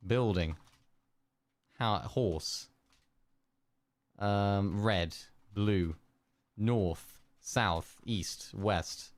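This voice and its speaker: A man's voice: lowish voice, drawn-out words, creaky, long pauses, no echo. A young man streaming live, muttering one-word guesses to chat, keyboard clicks behind. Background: keyboard clicks and typing.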